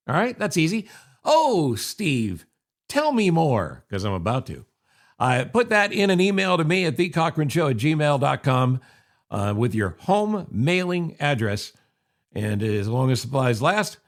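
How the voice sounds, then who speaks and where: An older man from upstate New York hosting his podcast in a chatty, wry monologue from his office, full of sarcastic asides. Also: medium pitch. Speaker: podcast host. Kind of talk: casual monologue. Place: home office.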